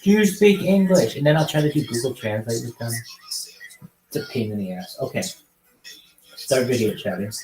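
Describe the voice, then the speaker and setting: A young man hosting a casual livestream, greeting strangers on video chat with loud, excited calls. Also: medium pitch, moderate pace, long pauses, noisy background. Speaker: livestream host. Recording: roomy echo.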